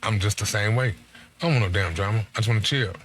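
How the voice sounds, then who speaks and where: Laid-back middle-aged man, lowish voice, casual slangy storytelling. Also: fast, fairly bright tone. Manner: laid-back, slangy, quotes himself and his friend in conversation.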